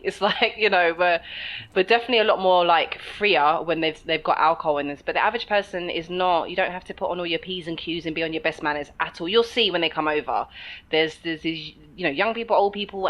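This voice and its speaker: Chatty English woman, lowish voice. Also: a little fast, a bit bright, poor audio. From England. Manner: chatty, laughing, frank. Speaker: podcast co-host. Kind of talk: casual podcast chat.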